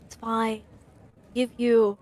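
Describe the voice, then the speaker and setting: A woman voicing a gentle young woman in a tabletop game, soft, quiet and soothing. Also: on the high side, little pitch movement, slow.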